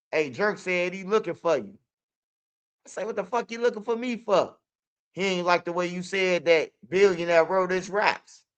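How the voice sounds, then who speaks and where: A man's voice: high voice, sharp tone, clear, resonant tone. A young man with a Chicago accent telling street stories in loose, profane casual talk. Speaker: interviewee. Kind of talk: casual storytelling.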